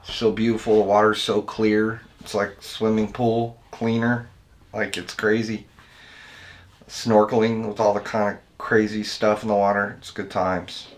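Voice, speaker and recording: On a casual livestream, an American video editor hosting his channel rambles along with viewers, laid-back and calling them dude and man. His voice sits on the low side, with little pitch movement and an unhurried delivery.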